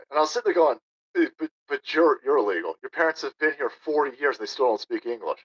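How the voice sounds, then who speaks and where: A combative man in his thirties rants sarcastically on his livestream, his fairly high voice swinging wildly up and down. The audio is dull and lo-fi. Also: big pitch swings, a little fast, fairly bright tone, husky. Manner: sarcastic, combative, reads chat aloud. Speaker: political livestream host. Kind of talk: ranting livestream commentary.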